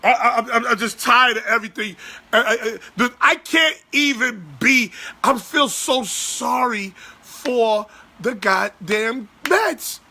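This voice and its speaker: A man in his forties hosting a sports podcast, ranting loudly and profanely in exasperation. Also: extremely high pitch, slow pace, creaky. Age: 40s.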